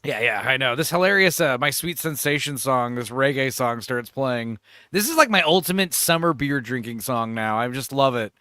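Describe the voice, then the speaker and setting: A man's voice: mid-range voice, animated, normal speed, sharp tone, no room sound, clean studio sound. A man co-hosting a casual film chat, telling the story animatedly and laughing often. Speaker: podcast co-host.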